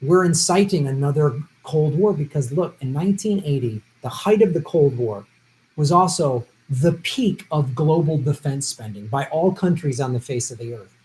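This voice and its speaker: A man hosting a live stream, reading out viewer questions and answering them off the cuff. He talks bluntly and swears freely. His voice sits high for a man. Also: lively intonation, normal speed, a little mellow, low-quality recording. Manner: blunt and profane, with heated outbursts.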